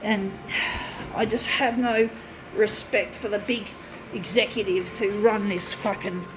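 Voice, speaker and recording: Set down near an office copier indoors, a camera mic records a woman vlogger's angry rant as she swears, sighs and vents her exasperation. Her mid-range voice is unhurried with fairly even intonation, and background noise is audible.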